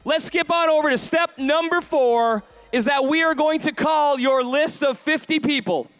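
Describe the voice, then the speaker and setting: A man giving a high-energy stage pep talk, rallying the crowd with call-and-response questions and shouted bursts of hype. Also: normal speed, no room sound, soft background music. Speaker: motivational event speaker.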